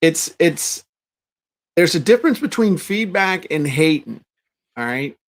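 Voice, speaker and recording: Animated middle-aged male podcast host. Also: a little high, normal speed. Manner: animated storyteller acting out quotes. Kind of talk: casual podcast chat.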